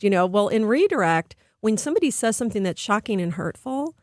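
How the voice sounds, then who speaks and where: A woman's voice: mid-range voice, sing-song, brisk, no echo. A middle-aged woman speaks earnestly into a studio microphone as a radio interview guest. She explains her ideas with care and slips into livelier voices when she quotes people. The sound is close and dry. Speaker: guest expert on behavior.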